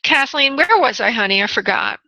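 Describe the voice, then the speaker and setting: A woman's voice: fairly high pitch, expressive, a little fast, bright, forceful tone, dry recording, lo-fi sound. A woman hosting a call-in radio show as a psychic medium, giving readings in a chatty way with many fillers and calling callers honey and love.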